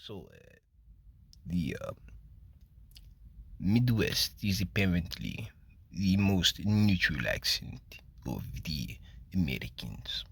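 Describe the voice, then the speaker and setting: A man putting on a low, breathy, half-whispered faux-French voice, smug and rambling. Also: sing-song, slow, pauses often, fairly bright tone, dry recording, full character voice. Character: hushed pseudo-French crooner Jean-Claude, smug.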